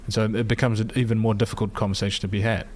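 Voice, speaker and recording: Low-voiced man arguing his point. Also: level tone, a little hiss or hum. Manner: measured, builds arguments from data with many restarts. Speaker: podcast panelist. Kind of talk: casual panel discussion.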